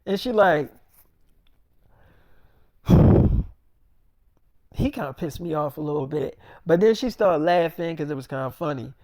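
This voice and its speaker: A man's voice: fairly high pitch, expressive, a little fast, few pauses, darkish tone, dry recording, clean studio sound. A man telling a rambling freestyle story in casual slang, cursing freely.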